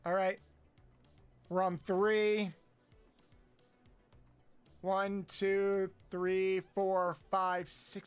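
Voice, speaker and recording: A man streaming a game, counting aloud, swearing often and yelping high when frustrated. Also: level tone, extremely slow, long pauses, clean tone, soft background music. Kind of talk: casual live-stream chat while playing.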